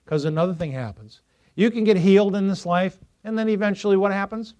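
A male pastor preaching a sermon to a congregation, lively and joking with them, rising to loud emphasis. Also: sits high, a little fast. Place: church before a congregation.

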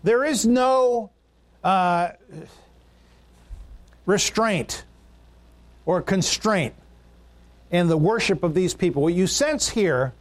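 A man with a notably high speaking voice delivers a sermon in church. He talks earnestly and builds his points through long lists and repeated phrases. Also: expressive, takes it slowly, pauses often. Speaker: pastor.

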